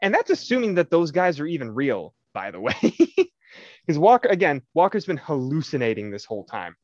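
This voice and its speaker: Animated swearing young man telling a story. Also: fairly high pitch, fairly quick, no room sound. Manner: animated storytelling, swears a lot, acts out quotes. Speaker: podcast co-host. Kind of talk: casual chat. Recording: slightly dull, dry recording.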